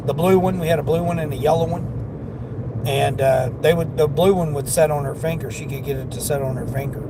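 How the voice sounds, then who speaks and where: A man's voice: on the high side, fairly even intonation, brisk. Chatty Southern man driving, road noise. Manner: rambling, chatty, talks to chat while driving. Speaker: livestreaming delivery driver. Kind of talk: casual livestream chat. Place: inside a car.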